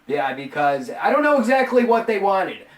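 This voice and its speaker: A man's voice: high voice, sing-song, normal speed. Profane, rambling man in his forties. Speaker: host. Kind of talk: casual wrestling talk. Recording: roomy, distant mic, faint music.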